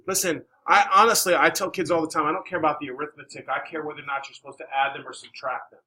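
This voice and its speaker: Male teacher, classroom, bright tone, encouraging and coaxing. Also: fairly high pitch, steady tone, fast talker, poor audio. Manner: encouraging, coaxing questions, many "all right"s. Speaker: math teacher.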